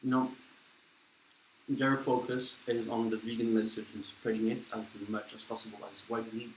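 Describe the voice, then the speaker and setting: A man's voice: mid-range voice, little pitch movement, moderate pace, a little hiss or hum. A young man with a French accent, chatting casually while eating, rambling and blunt with lots of fillers. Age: young adult. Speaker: vlogger. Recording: echoey room with faint ambience.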